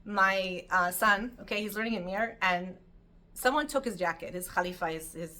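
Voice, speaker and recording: A middle-aged woman giving an informal Torah class, telling stories in an animated, chatty way. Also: mid-range voice, normal speed. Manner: animated storytelling, lively and chatty. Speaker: Torah teacher.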